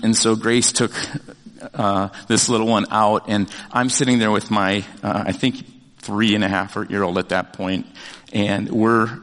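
An older man delivers a sermon in a middle-pitched voice, chatty and animated, often restarting his sentences with fillers. His voice carries a long reverb from a church sanctuary. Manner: conversational, animated storytelling with many fillers and restarts. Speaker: pastor.

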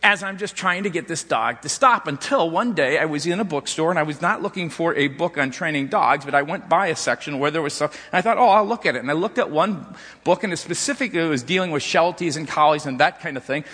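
A man's voice: a little high, fairly quick, sharp tone, slightly rough, big-room sound. A middle-aged man preaching a sermon, telling a story in a loose way with many restarts and repeated "and". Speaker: pastor.

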